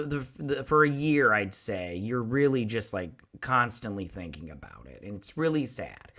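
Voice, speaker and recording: A man in his forties hosting a casual episode review, excitable and rambling, with a lot of swearing. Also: mid-range voice. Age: 40s. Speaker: show host.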